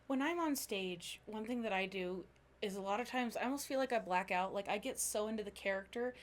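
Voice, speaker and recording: A woman hosting a casual interview, chatty and quick to laugh, filling her talk with "like" and "you know what I mean". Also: mid-range voice. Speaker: podcast host.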